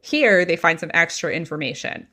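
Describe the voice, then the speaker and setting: A woman podcast host retelling a gossip story in a chatty, animated way, full of "like". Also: on the low side, moderate pace.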